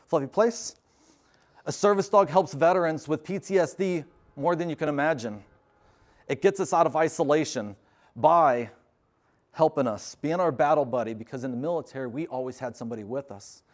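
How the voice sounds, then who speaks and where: Middle-aged veteran guy talking to a class, earnest and emphatic, voice sits a bit high. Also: fairly quick. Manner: earnest, emphatic, gives firm dog commands. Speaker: veteran speaker with service dog. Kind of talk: live class talk and demonstration. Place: university classroom.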